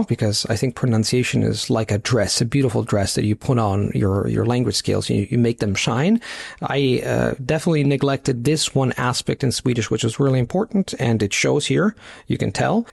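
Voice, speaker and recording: Guy reacting to his old clip, raspy-ish fry, reflective, lots of restarts. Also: medium pitch, darkish tone. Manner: reflective, fond of idioms, frequent restarts. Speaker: language learning YouTuber.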